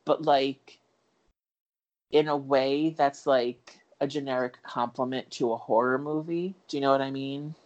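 A man's voice: medium pitch, fairly even intonation, unhurried, dull audio. A man co-hosting a podcast, chatting casually about a film, rambling with many fillers, restarts and the odd swear word. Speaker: podcast co-host. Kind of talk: casual film review chat.

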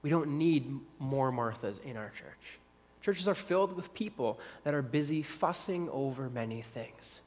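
A man's voice: on the high side, a little mellow, long reverb tail. A male pastor preaching a sermon conversationally, repeating phrases for emphasis.

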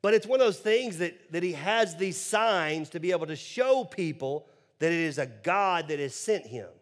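A male pastor delivering a sermon with a conversational, humorous manner. He keeps breaking off for joking asides to the congregation. His speaking voice is high for a man. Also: expressive, moderate pace.

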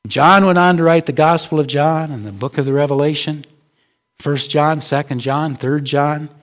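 A man's voice: on the high side, moderate pace. A male pastor preaching a sermon in a conversational way, asking his listeners rhetorical questions.

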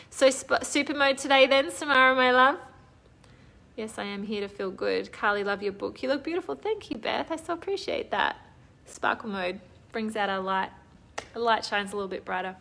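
This online course host leads a live-stream coaching session in a slightly high, expressive voice that's gravelly and sharp, moving a little fast. She talks with enthusiasm and reads out comments from viewers.

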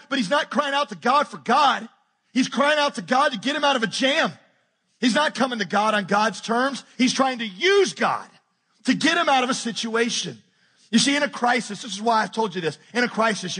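A man preaching a sermon as pastor, animated and joking as he retells a scripture story. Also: extremely high pitch, husky. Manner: animated, jokey retelling with acted-out quotes.

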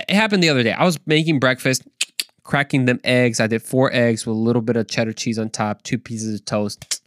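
A young adult man hosting his own podcast, giving a casual devotional talk in an animated, slangy, conversational way. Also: medium pitch, no echo, studio quality. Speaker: podcast host.

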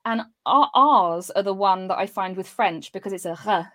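A woman's voice: medium pitch, moderate pace, fairly bright tone. A woman voice actress and streamer chatting casually as an interview guest, playful and self-deprecating, laughing often.

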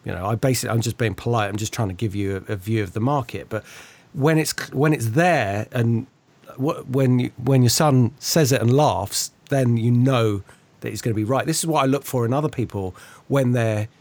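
A man's voice: medium pitch, normal speed. A man in casual conversation, telling stories about trading and acting out the voices of the traders he quotes. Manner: animated storyteller, acts out quoted traders. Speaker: market commentator.

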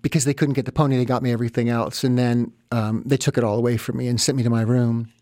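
A man telling a wry, self-mocking story about his childhood, with animated asides, recorded close and dry. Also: medium pitch, quick pace, no room sound. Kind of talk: first-person comic storytelling.

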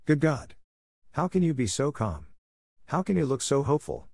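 A man's voice: on the high side, sing-song, moderate pace, creaky, darkish tone, breathy edge, no room sound, clean studio sound, pitched above the performer's own voice, full character voice. A man reading the part of an earnest young playwright who asks passionate, searching questions. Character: earnest young male playwright, idealistic and easily stirred. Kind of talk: audiobook character reading.

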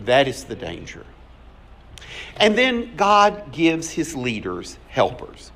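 A man's voice: medium pitch, big pitch swings, takes it slowly, fairly bright tone. A male pastor giving a sermon, telling scripture stories and acting out the dialogue. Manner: storytelling, acts out scripture dialogue.

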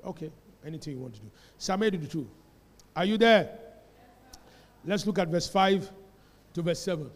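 A Nigerian man preaching in a church, his voice pitched high and ringing out with a long hall reverb. He asks question after question and builds to shouts. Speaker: pastor. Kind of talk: sermon. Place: church sanctuary.

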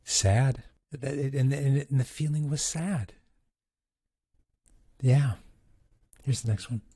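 Man, husky, mid-pitched, chuckles a lot, casual clip commentary. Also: takes it slowly, mellow, no echo, studio quality. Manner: chuckles often, restarts sentences. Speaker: host reviewing recorded audio clips.

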